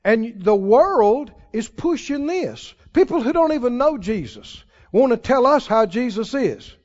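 A man preaching a sermon to a congregation, animated and throwing questions back at the listeners. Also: extremely high pitch, measured pace. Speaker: pastor. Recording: dull lo-fi sound with long hall reverb.

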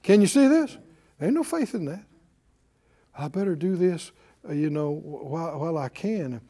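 A man's voice: a little high, expressive, moderate pace, warm tone. A man preaching a sermon in an emphatic call-and-response style, leading the congregation in repeating lines.

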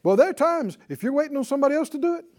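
A middle-aged man delivers a sermon in a high, swooping voice. He chuckles through his lines and mocks whiny complaints. He drops to a near hush and then bursts out loud. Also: lively intonation, racing. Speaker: preacher.

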